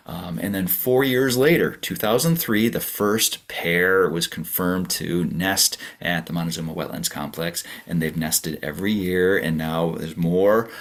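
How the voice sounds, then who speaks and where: A man directing a nature center, giving a relaxed, chatty narrated birding tour with plenty of fillers and the odd imitated bird song. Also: deep voice.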